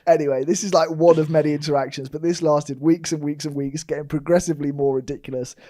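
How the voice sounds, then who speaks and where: A man's voice: fairly high pitch, quick pace, no echo, clean studio sound. A man co-hosting a chat show, telling office stories and laughing often. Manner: laughs often, animated when telling a story. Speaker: podcast co-host. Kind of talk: casual chat, storytelling.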